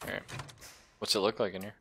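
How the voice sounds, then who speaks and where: A man's voice: low-pitched, level tone, fast, creaky, sharp tone, a little hiss or hum. A man with a South African accent, chatting casually and joking with teammates while playing a co-op game. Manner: laid-back, joking, calling out moves to teammates. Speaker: gamer.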